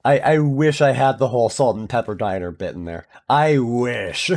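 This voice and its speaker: A male streamer talking casually in a rambling way, full of filler words and restarts. His pitch sits at an ordinary, middling level. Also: moderate pace, a little mellow. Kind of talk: casual chat.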